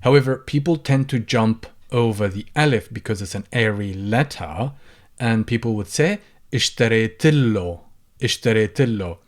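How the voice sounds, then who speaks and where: A man's voice: mid-range voice, moderate pace. A man teaching a language lesson, patiently saying each example phrase several times before explaining it. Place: lives in the UK.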